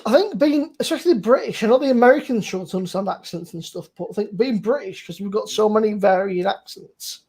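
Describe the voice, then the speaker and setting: A young man with a Bristol accent hosts a relaxed chat over beers. His voice is husky and a little breathy. He rambles along in a laid-back way, swearing freely as he talks. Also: high voice, quick pace, few pauses. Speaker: podcast host.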